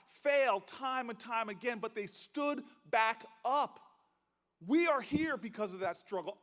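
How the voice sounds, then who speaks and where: A man giving an impassioned political speech at a conference, rousing and rhythmic with repetition and folksy storytelling. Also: very high-pitched. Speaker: senator giving a keynote. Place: large conference hall. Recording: long reverb of a large hall.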